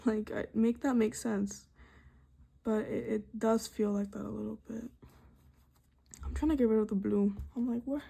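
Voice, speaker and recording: Young woman, art student, casual ASMR painting chat, rambling self-talk, highish voice, mellow tone. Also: vocal fry, husky. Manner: rambling soft-spoken self-talk with frequent fillers.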